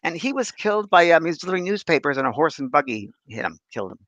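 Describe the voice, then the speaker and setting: A man's voice: a little high, very fast, no echo, muffled recording. A middle-aged man who is a spiritual medium chats and tells stories animatedly, acting out voices along the way. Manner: animated storyteller, acts out voices. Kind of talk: casual chat.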